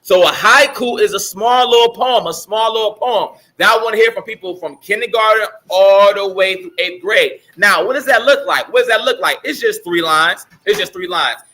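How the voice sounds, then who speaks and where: A man giving the morning announcements at a school assembly, energetic and repeating his points with call-and-response. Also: high-pitched, moderate pace, hardly any pauses.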